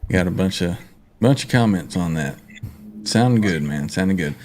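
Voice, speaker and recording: A man's voice: sits low, expressive, normal speed, a little mellow, soft background music. A man hosting a casual livestream, greeting viewers and reading their comments aloud with frequent laughs. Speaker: livestream host.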